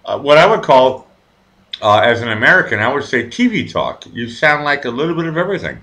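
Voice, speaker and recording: A man's voice: mid-range voice, big pitch swings, a little fast, sharp tone. A man hosting a casual live chat show, rambling and stammering through crude jokes.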